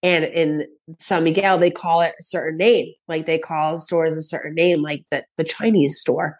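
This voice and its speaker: A woman's voice: low-pitched, steady tone, normal speed. A comedian in her thirties, a woman, telling casual stories as a podcast guest, acting out quotes and laughing often. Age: 30s. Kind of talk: casual storytelling chat.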